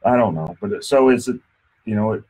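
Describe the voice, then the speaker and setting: A man's voice: lowish voice, animated, fairly quick, a little mellow. Chatty man hosting a radio show. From Texas. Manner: chatty, joking, stumbling on restarts. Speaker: radio show host and insurance attorney. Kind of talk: casual radio talk. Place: radio studio.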